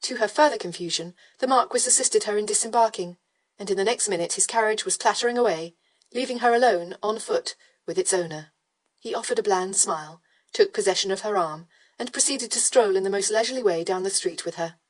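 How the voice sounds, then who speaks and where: A woman with a mid-range voice narrates a historical romance audiobook. Her scripted storytelling is measured and even.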